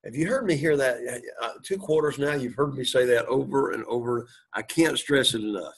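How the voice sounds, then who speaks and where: A man teaching a Greek class, reading Greek aloud, translating it and quizzing his students, often clearing his throat. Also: mid-range voice, moderate pace. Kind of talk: classroom lecture.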